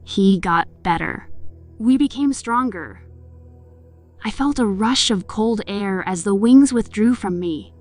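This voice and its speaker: A woman's voice: mid-range voice, animated, takes it slowly, darkish tone. A woman narrating a horror story and voicing the heroine with emotion. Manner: emotional, voices the heroine's pleading lines. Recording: music in the background.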